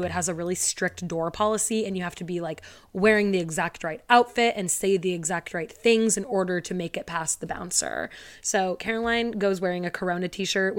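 A young woman hosting a podcast, telling a timeline in a chatty, sarcastic way with frequent asides. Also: medium pitch. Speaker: podcast host. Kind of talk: casual storytelling podcast.

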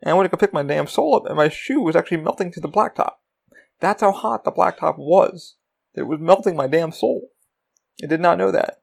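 A man with a slightly high, creaky voice and lively intonation hosts his own podcast, talking briskly. In a rambling solo episode, he chats casually about running a small business and swears freely.

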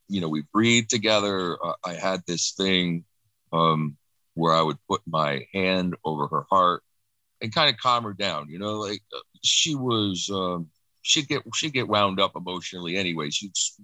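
A middle-aged man with a low, deep voice that still carries a bright, forward edge. He speaks haltingly and reflectively, often restarting his phrases. The recording is dry and close. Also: no echo, low-quality recording. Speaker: guest sharing personal loss. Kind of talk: emotional personal account.

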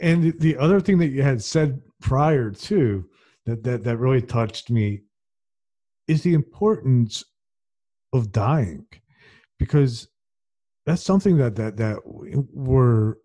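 Male interviewer, warm and relaxed, speaks slowly with frequent restarts. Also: medium pitch. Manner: hesitant, restarts often. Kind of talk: casual interview.

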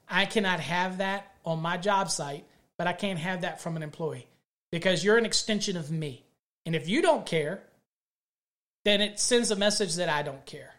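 A man's voice: high-pitched, moderate pace, a bit bright. A middle-aged man, an electrical contractor hosting a show, gives a plainspoken leadership talk built on stories from his own job sites. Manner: plainspoken, tells workplace stories from experience.

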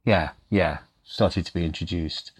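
A man, a guest actor, reminiscing in a podcast interview in a halting, stop-start way. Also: low-pitched, husky. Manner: halting, full of restarts.

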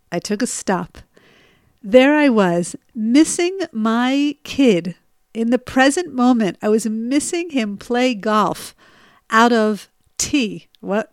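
Higher-voiced woman telling a story. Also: dry recording, clean studio sound. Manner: conversational, asks listeners "right?", laughs at herself. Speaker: storyteller sharing personal stories. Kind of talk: personal storytelling talk.

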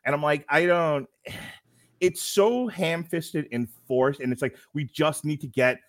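A man's voice: a little high, unhurried, no echo, studio quality. A man co-hosting a casual film review podcast, talking animatedly, often laughing and acting out quotes. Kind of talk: casual chat.

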